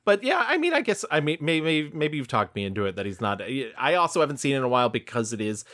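A man's voice: mid-range voice, sing-song, quick pace, a bit bright. A man co-hosting a film podcast, chatting casually, laughing often and swearing now and then. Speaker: podcast co-host.

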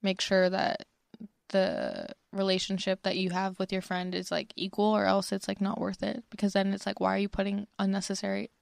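A woman's voice: medium pitch, expressive, a little fast, gravelly, no echo, studio quality. A young woman co-hosting a podcast in casual chat, chatty and self-conscious, full of "like". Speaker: podcast co-host.

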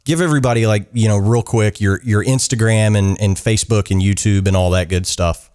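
A man's voice: lowish voice, brisk, darkish tone, clean tone. A man hosting a podcast, chatting casually with a guest and then closing the episode. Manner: friendly, upbeat sign-off. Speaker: podcast host. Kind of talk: casual interview chat.

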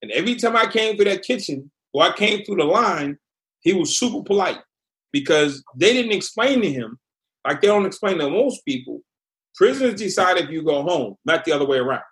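Blunt man telling a story, slightly high voice. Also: sing-song, fairly quick, a bit bright. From Massachusetts. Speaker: guest, former prisoner. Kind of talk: storytelling interview.

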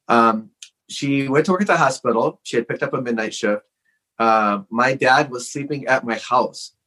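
A man's voice: mid-range voice, normal speed, bright, forceful tone, poor audio. A man as a podcast guest, telling a personal story in a frank, earnest way with lots of casual "like" fillers.

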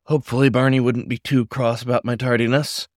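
A man narrates a first-person story in a measured, reflective manner. His voice sits at a middle pitch. The recording is dry and close, with no room sound. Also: flat delivery, no room sound. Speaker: audiobook narrator.

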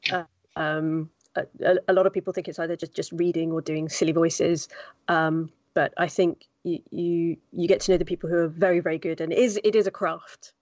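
A woman's voice: fairly low pitch, little pitch movement, a little fast, darkish tone, dry recording. Woman, podcast guest, storytelling, lo-fi sound, dead dry. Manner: chatty storytelling, acts out quoted voices. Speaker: guest voice actor. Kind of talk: casual podcast chat.

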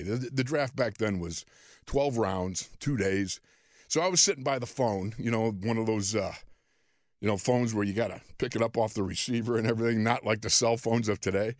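A man in his sixties from Western New York, a podcast host and former football player telling a story in an animated, self-deprecating way, often chuckling. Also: on the low side, dry recording, clean studio sound. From Western New York, USA. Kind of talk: storytelling monologue.

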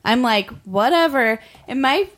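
A woman's voice: on the high side, expressive, normal speed. Playful young woman in casual chat. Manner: playful, teasing, laughs often.

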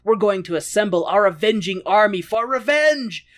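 A podcast host voicing a blustering castle guard who rallies others with a shout. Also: medium pitch, lively intonation, moderate pace, pitched above the performer's own voice, close to an everyday voice. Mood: rallying.

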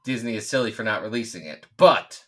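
A man's voice: lowish voice, lively intonation, fairly quick. A man in his thirties, co-hosting a podcast in casual chat, joking and ranting, sometimes trailing off into mumbles. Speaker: podcast co-host.

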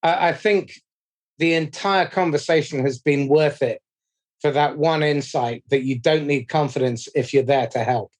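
A man hosting a podcast interview, speaking in a measured, reflective way as he sums up points. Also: a little high. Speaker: podcast host.

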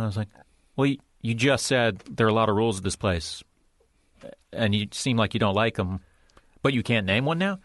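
A man's voice: fairly low pitch, a little fast, no echo. A man hosting a casual podcast chat, chiming in with short replies and telling his own comedy club story. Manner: easygoing, chimes in with short replies and quips.

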